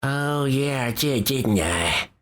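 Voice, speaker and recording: A man's voice: medium pitch, expressive, slow, fairly bright tone. A man voicing a scheming woman gang boss who talks in a sneering, dismissive way. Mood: scornful.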